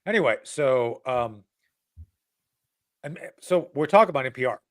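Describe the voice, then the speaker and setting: A man's voice: medium pitch, expressive, moderate pace. A man hosting a casual political talk show. He rambles and mocks, with many restarts and asides.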